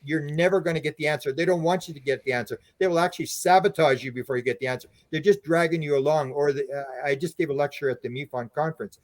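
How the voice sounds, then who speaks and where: A man's voice: a little high, fast talker, few pauses, no room sound. A man speaking as a guest on a podcast interview, telling long rambling anecdotes with frequent restarts. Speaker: guest, UFO researcher and author.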